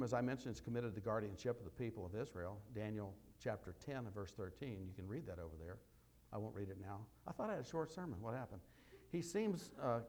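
A man preaching a sermon, with emphatic loud bursts and quieter asides as he walks through scripture. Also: medium pitch.

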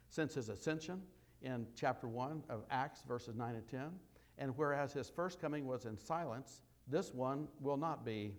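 A man preaching a sermon, with emphatic loud bursts and quieter asides as he walks through scripture. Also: medium pitch.

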